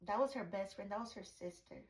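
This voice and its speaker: A woman's voice: medium pitch, a little fast, echoey room, poor audio. A woman podcast host telling a story in a casual, blunt way, swearing and adding dramatic asides.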